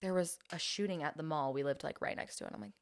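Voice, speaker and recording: A woman's voice: low-pitched, quick pace. A young woman telling stories about her life in casual chat, acting out quotes and often laughing. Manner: chatty storytelling, acts out quotes, laughs often. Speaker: podcast guest.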